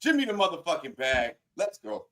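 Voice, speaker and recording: A man co-hosting a sports radio show, arguing loudly and swearing constantly in a heated debate. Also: fairly high pitch, very animated, fairly quick. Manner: loud, profane, yelling. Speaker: co-host. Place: radio studio.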